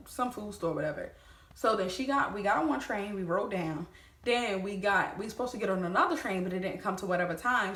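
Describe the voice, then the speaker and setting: Animated woman telling a storytime vlog. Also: mid-range voice, roomy sound. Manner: animated, swears freely, addresses viewers as y'all. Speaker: vlogger.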